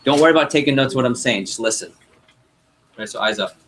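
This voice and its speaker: A young man running a sales training workshop, coaching a group and acting out customer dialogue in an energetic way. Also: mid-range voice, fairly quick, slight background noise, poor audio. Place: meeting room with group.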